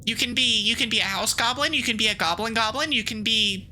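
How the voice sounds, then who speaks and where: A woman streaming a game as a VTuber, chatting casually in a rambling, playful way full of quick asides and giggles, and reading the game's text aloud. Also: a little high, pushed and bright, slight background noise, low-quality recording.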